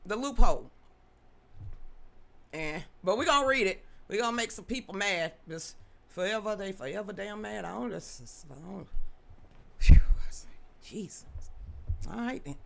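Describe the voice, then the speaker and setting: A woman hosts a livestream talk show, greeting viewers and answering their comments in a loud, projecting voice. Her pitch swings widely and her tone is bright and forceful. She comes across as blunt and sassy. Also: gravelly. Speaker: livestream news show host.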